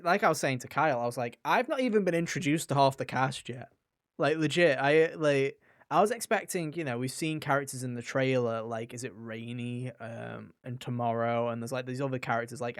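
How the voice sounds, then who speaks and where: A man's voice: medium pitch, fairly even intonation, fairly quick, smooth, dry recording, clean studio sound. Chatty young man on a gaming podcast. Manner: enthusiastic, rambling with frequent fillers and restarts. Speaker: podcast co-host. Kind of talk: casual gaming podcast chat.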